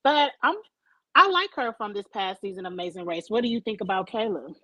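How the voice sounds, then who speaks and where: A woman co-hosting a relaxed online chat, holding forth with slangy, opinionated takes. Her voice sits mid-range and is picked up close on a dry microphone with no room sound. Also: medium pitch, fairly quick, no room sound, rough recording. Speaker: podcast co-host. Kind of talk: casual reality-TV chat. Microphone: desk mic.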